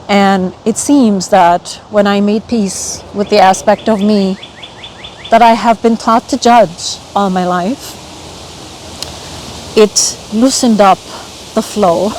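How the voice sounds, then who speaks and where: A woman's voice: medium pitch, a little hiss or hum, poor audio. A woman vlogging outdoors with a personal, emotional reflection, repeating self-affirmations. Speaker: spiritual vlogger. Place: outdoors in nature.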